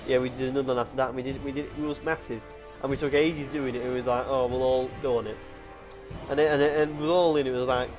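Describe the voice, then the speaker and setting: A young man co-hosting a casual gaming chat, rambling through stories with lots of restarts and "like". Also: mid-range voice. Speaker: co-host.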